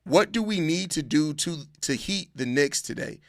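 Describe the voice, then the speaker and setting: A man's voice: on the high side, moderate pace, creaky, dry recording, clean studio sound. A man hosting a casual live stream, reading viewer chat aloud and answering it, often with mock outrage and swearing. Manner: animated, mock outrage, swearing, repeated questions.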